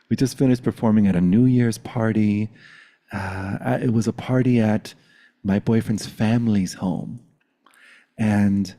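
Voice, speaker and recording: Slow, mellow-voiced man telling a story. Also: on the low side. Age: 40s. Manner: reflective, meditative, laughs often. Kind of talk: personal storytelling on a video call. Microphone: video call.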